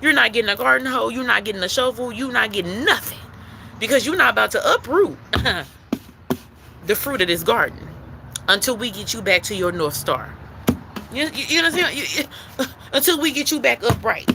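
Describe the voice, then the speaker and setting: A woman's voice: on the high side, expressive, moderate pace, vocal fry, noisy background. A woman giving a spiritual tarot reading, emphatic and repetitive, who calls the listener baby and swears casually. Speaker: intuitive card reader.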